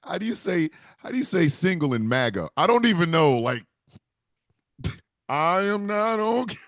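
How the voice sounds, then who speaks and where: A man delivering a rambling, profane comedy rant with animated storytelling. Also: fairly high pitch, fairly quick, no echo, studio quality.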